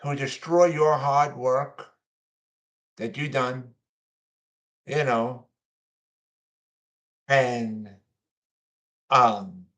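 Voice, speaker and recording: A man's voice: medium pitch, drawn-out words, pauses often, fairly bright tone. A man hosting his own show, talking casually in a rambling, repetitive way with many fillers. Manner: mocking whiny voices when quoting others. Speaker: host. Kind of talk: casual monologue.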